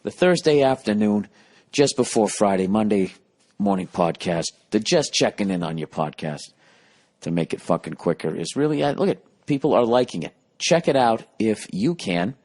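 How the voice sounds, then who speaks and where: A man in his late forties rants through a solo comedy podcast, swearing freely and mocking himself as he wanders from bit to bit. His voice sits on the low side of a man's speaking range. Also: lively intonation, normal speed, a little mellow. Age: 40s. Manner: profane, rambling, self-mocking. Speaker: podcast host. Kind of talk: casual comedic rant.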